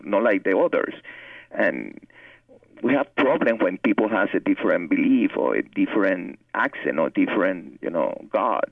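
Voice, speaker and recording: Cuban-accented male novelist, low gravelly voice, earnest and halting, on a far-off phone line. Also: no room sound. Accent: Cuban Spanish. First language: Spanish. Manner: earnest, repeats words while searching for English. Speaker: novelist guest. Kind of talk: interview conversation. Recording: tinny phone line, distant from mic.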